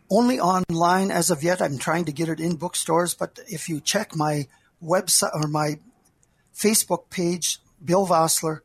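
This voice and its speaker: An older man, an author, reading his memoir aloud in a measured, heartfelt way. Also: a little high, breathy edge, no echo.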